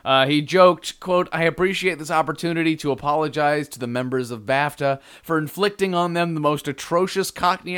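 A man's voice: fairly high pitch, a bit bright, smooth. A man co-hosting a casual podcast, reading news items aloud and joking, laughing often. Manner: jokey, laughs often, reads quotes aloud. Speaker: podcast co-host.

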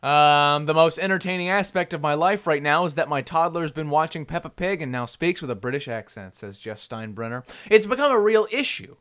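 A man co-hosting a laid-back comedy news show. He reads odd stories aloud and keeps breaking into jokes and laughter. His pitch rises and falls constantly. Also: expressive, fairly quick, few pauses, a bit bright. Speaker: podcast co-host. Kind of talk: casual comedic news chat.

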